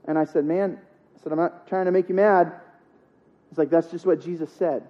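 A man's voice: fairly high pitch, fairly even intonation, normal speed, dull audio. A man preaching a sermon as pastor, talking in a conversational way with jokes and emphatic repetition.

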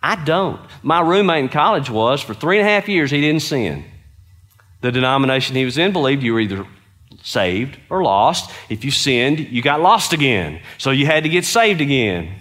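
In a mid-range, fairly bright voice, a middle-aged man gives a conversational sermon at a moderate pace. He's very animated, telling stories and earnestly asking his listeners questions.

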